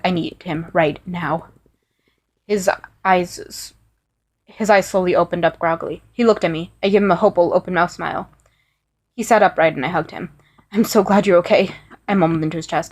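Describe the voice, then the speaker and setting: Woman with a lowish voice narrating a story. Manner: earnest reading with small restarts. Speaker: story reader. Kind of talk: first-person fan fiction narration.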